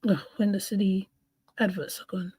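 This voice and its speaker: A woman giving casual live-stream commentary on a clip, calm and conversational while she steers the chat. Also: mid-range voice, moderate pace, breathy edge, no room sound.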